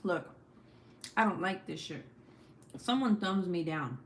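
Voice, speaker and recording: A woman's voice: fairly low pitch, lively intonation, measured pace, roomy sound. A woman in her forties hosting a casual livestream, chatting with viewers and reading their comments, swearing freely. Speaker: livestream host.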